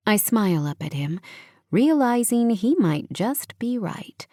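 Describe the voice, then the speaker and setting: A woman narrating a first-person romance audiobook with an intimate, expressive reading. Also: mid-range voice, unhurried, no room sound, studio quality.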